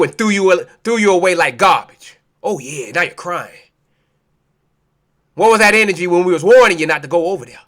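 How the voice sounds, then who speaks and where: High-pitched fiery male preacher. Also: pushed and bright. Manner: preachy, profane, calls out listeners as family. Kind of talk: fiery street sermon.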